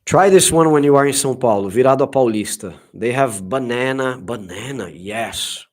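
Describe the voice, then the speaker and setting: A man's voice: medium pitch, moderate pace, darkish tone. Enthusiastic Brazilian man hosting a livestream. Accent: Brazilian Portuguese. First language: Portuguese. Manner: enthusiastic, gushing, frequent restarts. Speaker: livestream host. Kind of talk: casual livestream chat.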